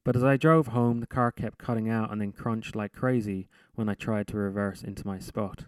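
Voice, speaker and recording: A man reading his own short story aloud in a measured, deadpan narration. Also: lowish voice, smooth, no room sound. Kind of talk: literary reading.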